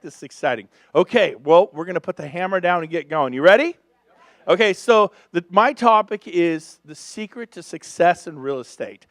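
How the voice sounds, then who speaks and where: High-voiced, energetic man revving up a crowd. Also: no room sound, clean studio sound. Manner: energetic, joking, revs up the crowd. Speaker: real estate speaker at a business seminar. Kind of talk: live motivational talk to an audience.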